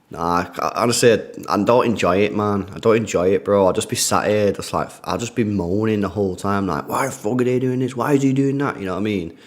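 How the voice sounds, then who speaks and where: A young man, streaming a football watchalong, chatting casually and greeting donors by name in slangy speech. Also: low-pitched. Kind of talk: casual live-stream chat reading donations.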